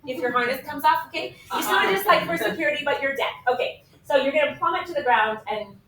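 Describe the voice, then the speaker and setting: A middle-aged woman math teacher with a high voice tells stories and talks her class through problems in a chatty, lively way. She is picked up from across an echoey classroom, with a faint hum of room ambience behind her. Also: fast talker. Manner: chatty, lively, often checks in with 'okay?'. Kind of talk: animated classroom storytelling and teaching. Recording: echoey classroom recorded from a distance.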